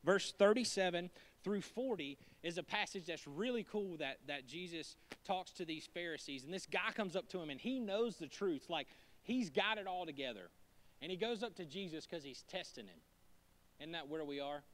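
A man preaching a sermon in a church, conversational and joking, going from hushed asides to emphatic lines. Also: sits high, big pitch swings, brisk. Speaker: pastor.

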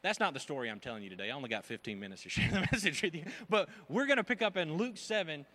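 Lively, bright-voiced male preacher. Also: on the high side, quick pace, a little hiss or hum. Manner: animated, emphatic preaching with swings from loud to hushed. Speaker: pastor. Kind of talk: sermon.

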